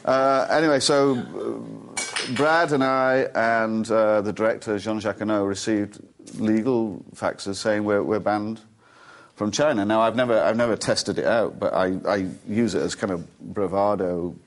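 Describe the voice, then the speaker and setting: Man, forties, lowish voice, talk show guest, rambling amused anecdotes, studio. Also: fairly even intonation, moderate pace. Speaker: actor guest. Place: television studio.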